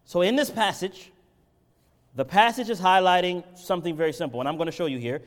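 Impassioned high-voiced preacher in a reverberant hall. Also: male voice, brisk. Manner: swings from loud impassioned peaks to low conversational teaching. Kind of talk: sermon.

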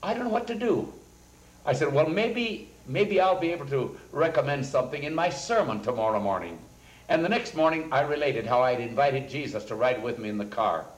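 A man's voice: mid-range voice, animated, fairly quick. A man speaking as a pastor, telling earnest anecdotes and quoting people as he goes. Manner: earnest anecdotal storytelling, quotes people in a raised voice. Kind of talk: storytelling sermon talk. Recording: roomy echoing recording.

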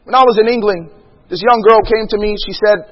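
High-voiced man preaching in a reverberant hall. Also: brisk, dull audio. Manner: emphatic, rhetorical questions, acts out dialogue. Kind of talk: sermon.

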